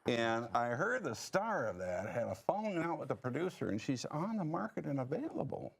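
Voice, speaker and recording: An improv performer in a TV studio playing a salesy wheeler-dealer male manager pitching schemes. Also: sing-song, normal speed, creaky, breathy edge, full character voice. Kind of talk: improv comedy scene.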